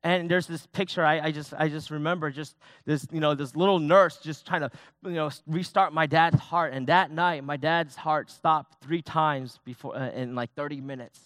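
A man's voice: on the high side, fairly even intonation, normal speed, a bit bright, dry recording, clean studio sound. A young man, a youth pastor, preaching a sermon in a personal, conversational way, often restarting his sentences.

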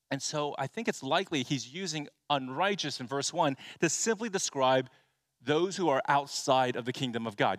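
A man with a somewhat high voice delivers an expository sermon as pastor. He talks earnestly and emphatically, asks rhetorical questions and often restarts a word. The sound is close and dry, with no room echo. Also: fairly bright tone.

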